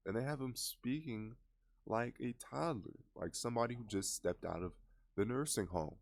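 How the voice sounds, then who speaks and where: A man's voice: mid-range voice, normal speed, gravelly. A man giving casual reaction commentary on a movie trailer, scoffing and exasperated as he critiques it.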